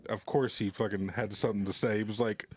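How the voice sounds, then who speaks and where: A man's voice: lowish voice, fairly even intonation, fast, no echo. A man who works security at a comedy club, telling rambling, profane anecdotes as a podcast guest. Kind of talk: casual storytelling on a podcast.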